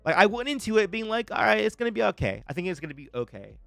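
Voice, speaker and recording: A young man hosting a live stream, reacting to a trailer with excited, stammering restarts and frequent laughter, greeting viewers in chat. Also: high-pitched, rapid-fire, gravelly, dry recording, faint music behind. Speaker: livestream host reacting to a trailer.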